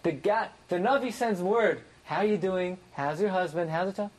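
A man teaching a classroom Bible lesson, translating verse by verse and jumping up in pitch for emphasis. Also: moderate pace, few pauses, low-quality recording. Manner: animated, rises sharply in pitch for emphasis. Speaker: Torah teacher.

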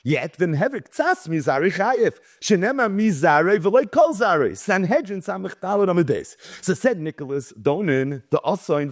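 A man's voice: sits high, normal speed, few pauses, dry recording, studio quality. A man teaching a Talmud lecture. He reads Hebrew and Aramaic lines, translates them, and tells the story with animation. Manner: animated storytelling, acting out quoted speakers. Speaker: Torah teacher.

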